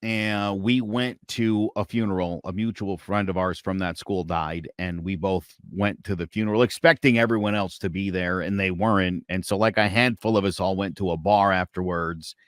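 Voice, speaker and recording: A man's voice: normal speed, few pauses, smooth, dry recording, clean studio sound. A man guest on a podcast, telling a personal story in casual chat, swearing now and then and acting out the other people's lines. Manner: animated storyteller acting out quotes with big pitch swings.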